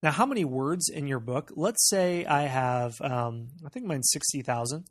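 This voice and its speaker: A man with a General American accent gives a laid-back walkthrough, talking the listener through each step as he goes. His voice sits at an ordinary middle pitch, and he fills pauses with "uh" and "okay." The delivery stays conversational and practical, like a tutorial. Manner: conversational and explanatory, with frequent "uh" and "okay". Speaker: tutorial presenter. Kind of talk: casual screencast walkthrough.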